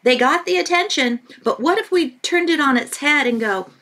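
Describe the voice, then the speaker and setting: Animated, high-voiced woman guest telling stories. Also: normal speed. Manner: animated storytelling with emphatic repetition. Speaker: parenting author and guest. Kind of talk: podcast interview.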